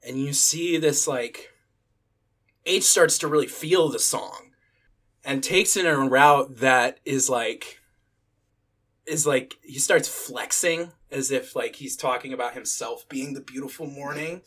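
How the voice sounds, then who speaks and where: A man's voice: medium pitch, measured pace, fairly bright tone, breathy edge. Casual man running a tabletop game. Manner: casual, filler-heavy storytelling. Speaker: game master.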